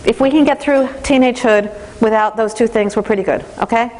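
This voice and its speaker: A woman giving a parenting training lecture in an animated way, acting out the voices of teens and parents. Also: a little high, brisk, slight background noise.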